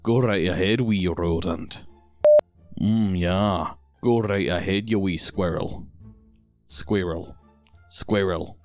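A man's voice: sits low, slow, faint music behind. A man recording voice lines casually, muttering retakes to himself. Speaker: amateur voice actor.

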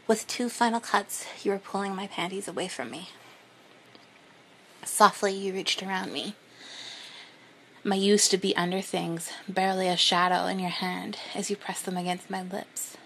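A woman reading a first-person story in a soft, breathy, unhurried whisper. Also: medium pitch, slight background noise. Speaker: narrator.

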